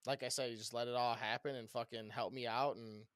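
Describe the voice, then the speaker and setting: A man co-hosting a casual podcast, telling a story loudly and rambunctiously with a lot of swearing. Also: mid-range voice, fairly even intonation, brisk, no room sound, clean studio sound. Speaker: podcast co-host.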